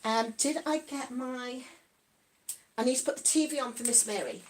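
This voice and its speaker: Woman, East Midlands accent, high-pitched, chatty, giggly, casual livestream. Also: normal speed. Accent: East Midlands English. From Nottingham, England. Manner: chatty, giggly, reads out viewer comments. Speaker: vlogger.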